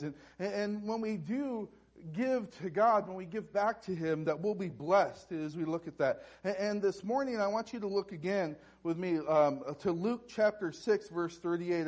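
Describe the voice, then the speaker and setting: A man preaching a sermon as pastor, halting and restarting with repeated words. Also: high-pitched.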